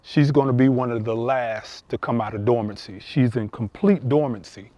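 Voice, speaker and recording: A man's voice: mid-range voice, moderate pace, dark tone, dry recording. A man hosting a gardening video, explaining things in a folksy, casual way while walking through his outdoor garden. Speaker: gardening channel host.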